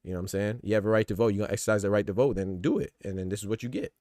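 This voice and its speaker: A man hosting a podcast, riffing in casual, animated commentary full of rhetorical asides and swearing. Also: on the low side, rapid-fire, dry recording, studio quality. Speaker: podcast host. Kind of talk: casual boxing and politics commentary.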